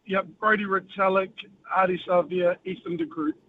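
A brisk New man calling in, his voice high and thin. He sounds far from his phone, on a tinny line with faint noise behind him. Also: animated. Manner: brisk, casual, lists names. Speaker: caller.

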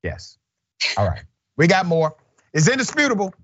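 A man hosting a news commentary show, talking in an animated, emphatic and wry way. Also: high voice, moderate pace, husky, no echo, lo-fi sound. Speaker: show host. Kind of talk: casual commentary.

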